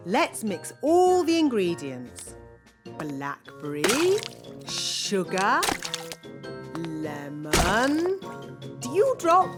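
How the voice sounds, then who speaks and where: A woman's voice: mid-range voice, exaggerated voice. A woman voicing a bossy, scatterbrained fairy nanny who talks in a fussy, sing-song way and chants spells in a cartoon. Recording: cartoon soundtrack with music under dialogue.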